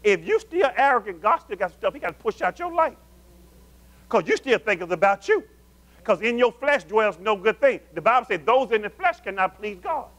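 Man, pastor, sermon, high voice, call-and-response, loud then hushed. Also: sing-song, moderate pace. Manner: call-and-response preaching, asking the congregation questions; swings between loud emphatic calls and low murmurs.

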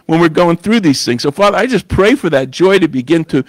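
A man's voice: fairly high pitch, lively intonation, fairly quick, no echo. A man preaching a sermon in church, talking in a conversational way and often asking "you know?". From New York. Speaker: guest preacher.

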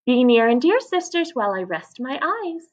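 Woman doing a proud young girl dassie, lively and husky. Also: high-pitched, moderate pace, highs cut off, voice pushed up. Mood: pleased.

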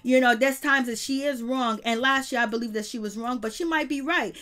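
A woman's voice: fairly high pitch, a little fast, a bit bright. A woman giving a casual recap of a reality show episode, blunt and slangy, swearing freely.

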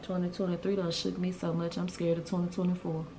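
Chatty woman vlogger, lower voice. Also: fast, noisy background. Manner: chatty, animated, colloquial storytelling. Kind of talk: casual storytelling chat.

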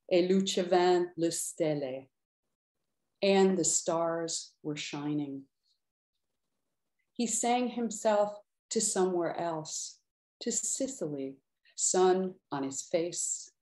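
A middle-aged woman giving a slow, measured poetry reading with brief asides. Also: on the low side, warm tone, reverberant. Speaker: poet reading her work.

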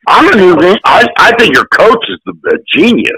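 A man in his sixties, an actor being interviewed, telling stories in a lively, casual way. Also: high voice, brisk, poor audio. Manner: animated, jumps into acted voices. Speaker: guest actor. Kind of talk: casual storytelling.

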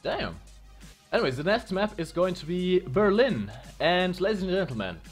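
A man's voice: high-pitched, sing-song, breathy edge, faint music behind. A man commenting live on a video game match with playful, joking banter. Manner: playful, jokey, fast banter. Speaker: esports commentator.

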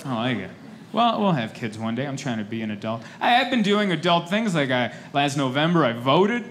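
A young man doing a stand-up comedy set on a club stage, animated and acting out other people's voices. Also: medium pitch, fairly quick, a little hiss or hum.

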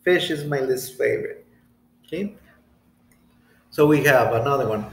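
A man teaching English grammar in a recorded lesson, reading example sentences slowly and checking in with "okay?". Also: mid-range voice, creaky, slight background noise. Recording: echoey room.

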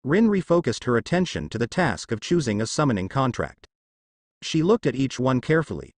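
Lively male fan fiction narrator. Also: medium pitch, no echo.

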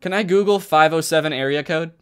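A man streaming from a carpeted room at home, chatting casually with his viewers while he plays, and bursting into loud exclamations when he gets excited. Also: on the high side, fairly quick, clean tone. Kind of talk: casual live-stream chat while gaming.

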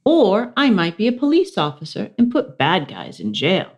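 A woman's voice: medium pitch, wildly swooping pitch, normal speed, darkish tone, highs cut off. A woman voicing an eager, curious young schoolboy talking to his teacher in a storybook.

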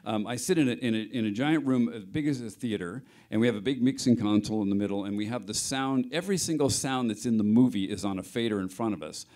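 A man's voice: on the low side, fast talker, few pauses, a little mellow. A middle-aged man, a film sound mixer, explaining his work at a panel interview, hesitant with many restarts.

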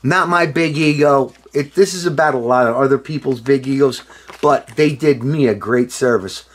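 A tipsy middle-aged man rambling excitedly in a casual video monologue, swearing and breaking into loud outbursts. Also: mid-range voice, normal speed. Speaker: former band member showing a reissued album.

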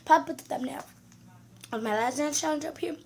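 A high-voiced woman talks casually to her viewers in a vlog intro. Her voice is a little scratchy, and she keeps apologizing and restarting her sentences as she chats along. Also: fast talker. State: scratchy voice with coughs. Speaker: vlogger.

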